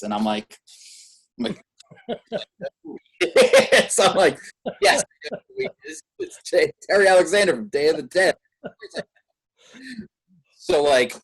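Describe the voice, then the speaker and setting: A man being interviewed about his film, chatting casually and rambling with many restarts and fillers. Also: mid-range voice. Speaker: filmmaker guest.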